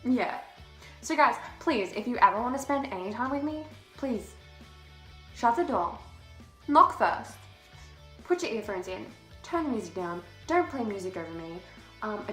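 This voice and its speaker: A woman's voice: mid-range voice, expressive, moderate pace, a bit bright, soft background music. A teenage girl vlogging to camera in a casual, chatty way, slightly out of breath, swearing freely and laughing often. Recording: echoey room.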